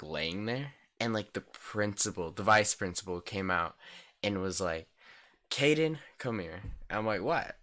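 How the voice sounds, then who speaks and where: A teenage boy rambling through a casual storytime vlog, swearing freely and filling every pause with "like". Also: lowish voice, sharp tone.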